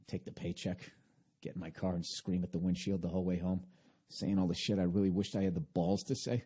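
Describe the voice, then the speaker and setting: A man's voice: deep voice, steady tone, fast, mellow, husky. A man hosting a podcast, delivering a rambling, sarcastic comedic rant full of swearing. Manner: sarcastic, self-mocking. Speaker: podcast host.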